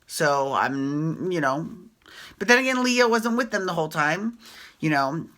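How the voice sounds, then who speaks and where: A woman's voice: low voice, big pitch swings, a little slow, a bit bright. A woman hosting a casual reality TV recap, chatty and opinionated, swearing freely and often tagging her points with "right?".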